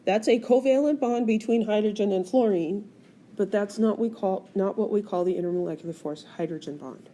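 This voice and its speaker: A woman with a mellow, mid-range voice talks a little fast as she teaches chemistry over a tablet screencast. Her lecture unfolds step by step, punctuated by questions for the class.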